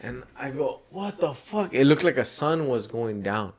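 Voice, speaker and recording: A man's voice: medium pitch, very animated, normal speed. Male podcast host, casual and profane, rambling storyteller.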